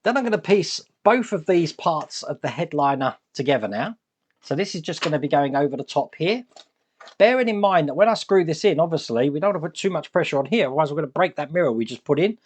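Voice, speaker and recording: A man's voice: fairly high pitch, animated, fast, a little hiss or hum. A man giving chatty, upbeat step-by-step commentary while building a large scale model at his workbench.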